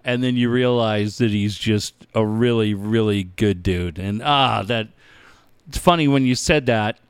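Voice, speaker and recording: Male co-host, low smooth voice, dry close-mic sound, earnest and reflective. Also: unhurried, dry recording. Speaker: podcast co-host. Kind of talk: casual chat.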